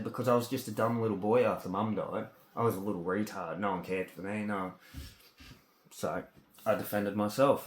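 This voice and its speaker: An Australian man in a rambling, agitated personal rant, full of swearing, with halting speech that gets stuck on words. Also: lowish voice, roomy sound. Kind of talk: ranting personal monologue.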